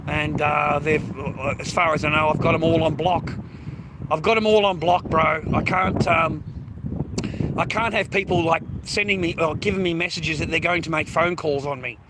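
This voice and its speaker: Aussie bloke in his 50s venting, high voice, stammers and swears a lot, recorded outside by a noisy road. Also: fairly even intonation, moderate pace. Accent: Australian. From Australia. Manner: aggrieved, swearing constantly, stammering restarts. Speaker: vlogger. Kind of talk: profane ranting monologue. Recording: noisy outdoor street recording.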